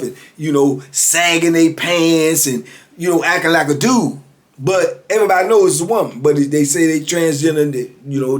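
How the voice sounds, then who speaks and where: A man in his fifties telling prison stories in a casual monologue, laughing often and dropping "man" into almost every line. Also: a little high. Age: 50s. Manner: animated, laughs often, says "man" constantly. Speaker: former prisoner storyteller.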